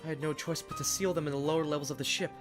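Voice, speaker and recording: A performer voicing a blustering old sea captain who talks in pirate slang and gruff exclamations. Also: medium pitch, fairly even intonation, racing, music in the background, pitched below the performer's own voice, lightly acted. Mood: grave. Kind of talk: hobby voice-acted animated fan story.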